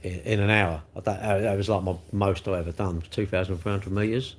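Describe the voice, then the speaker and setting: A man's voice: low-pitched, fairly even intonation, a little fast. A man in his sixties with a South London accent, chatting casually on a livestream and answering comments, rambling and tagging questions onto everything. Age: 60s. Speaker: livestream host.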